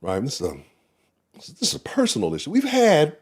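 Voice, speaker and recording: Man, live sports stream host, lively swinging pitch, casual, slangy, profane, rambling. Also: fairly quick, creaky, husky.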